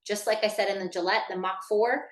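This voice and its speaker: Woman, workshop instructor, casual lecture, chatty with fillers, mid pitch, echoey room. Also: fairly even intonation, fairly quick. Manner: chatty, many fillers, addresses listeners directly.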